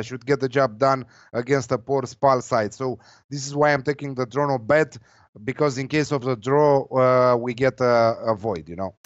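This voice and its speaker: A betting tipster with a medium-pitched voice gives football tips in casual chat, hesitant and heavy on fillers. The lo-fi recording is dull and dry, with no echo.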